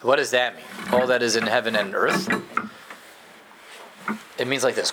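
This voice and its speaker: A man teaching a live Torah class to a group, animated and emphatic, dropping into low asides and playful jokes with his students. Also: normal speed, pauses often, a little hiss or hum. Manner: animated, emphatic, jumps between loud stresses and low asides.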